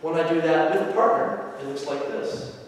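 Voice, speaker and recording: A man teaching aikido who explains movements calmly and methodically and chants short phrases with each step. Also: on the high side, normal speed, a little hiss or hum. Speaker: aikido instructor. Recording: echoey hall, mic far off.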